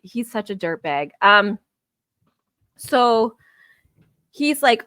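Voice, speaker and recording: A woman's voice: a little high, sing-song, very slow, pauses often, pushed and bright, clean tone, no room sound, clean studio sound. A woman co-hosting a podcast in casual chat, talking frankly with swearing and acting out what others said. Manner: frank, swears, quotes others in reenacted lines. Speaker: podcast co-host.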